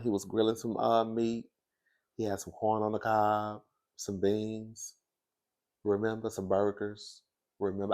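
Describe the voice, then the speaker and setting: A man hosting sassy celebrity gossip commentary, laughing often and swinging between high excited squeals and hushed whispers. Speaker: commentary host.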